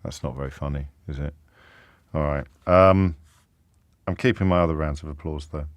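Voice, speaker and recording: A man hosting a live radio phone-in, playful and chatty, quick to laugh with his callers. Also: extremely low pitch, steady tone, no echo, studio quality. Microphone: studio microphone.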